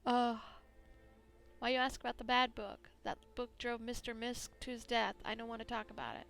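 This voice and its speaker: A woman's voice: fairly high pitch, flat delivery, normal speed, vocal fry, a bit bright, faint music behind. A woman voicing a timid half-orc maid who speaks in broken sentences. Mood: nervous. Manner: broken grammar.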